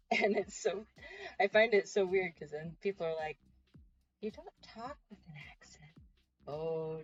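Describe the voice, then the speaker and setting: A woman's voice: lowish voice, dull audio. A woman chatting casually on a livestream while she paints, giggly and self-mocking. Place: home.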